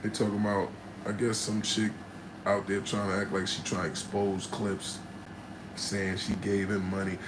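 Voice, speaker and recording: A man's voice: on the low side, normal speed, low-quality recording. A battle rapper from New Jersey, talking bluntly and casually in slang to his livestream chat. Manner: blunt, laid-back, slangy, answers chat. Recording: steady background noise.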